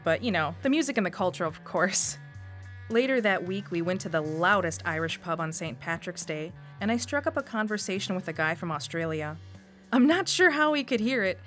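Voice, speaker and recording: Woman, Northeast Wisconsin accent, personal radio essay, lively telling, faint music behind. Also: mid-range voice. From Wisconsin, USA. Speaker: storyteller.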